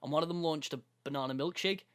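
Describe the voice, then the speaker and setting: With a fairly high, smooth voice and a fast delivery, this young man co-hosts a podcast. He recounts a story casually, acting out what people said and laughing regularly.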